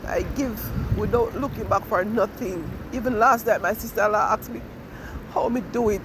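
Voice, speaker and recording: A man's voice: high voice, normal speed. A man with a Jamaican accent crying as he speaks about his feelings while riding a train, his talk tearful and heartfelt. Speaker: immigrant sharing feelings. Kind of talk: emotional personal monologue. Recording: loud vehicle noise behind.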